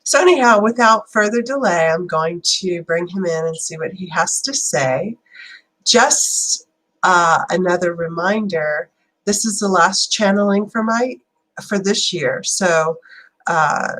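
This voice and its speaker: A woman with a fairly low voice hosts a spiritual channeling session. She talks in a loose, rambling way full of fillers. She slows into deliberate, prayerful invocations. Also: a bit bright, rough recording. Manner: chatty and rambling, then slow and prayerful. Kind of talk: livestream talk and invocation.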